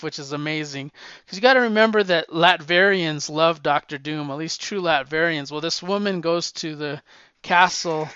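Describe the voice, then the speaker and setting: A man talks in a loose, rambling monologue, getting excited as he retells stories. His voice sits a little high and smooth, close and dry on the mic, with a dull, lo-fi sound. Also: no room sound. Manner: rambling, enthusiastic retelling with quoted lines. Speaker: comic book podcast host.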